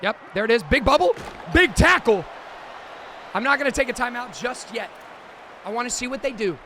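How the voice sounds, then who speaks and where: A man streaming a video game, giving excited play-by-play commentary and exclaiming loudly at big moments. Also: very high voice, fast talker, some chatter behind, a little hiss or hum. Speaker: gaming streamer.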